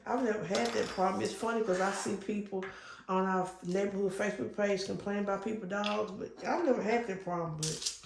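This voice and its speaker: A woman's voice: mid-range voice, fairly quick, vocal fry. A woman chatting casually, rambling with frequent ums and restarts, coughing now and then. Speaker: vlogger. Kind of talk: casual chat while crafting. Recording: roomy room with faint noise.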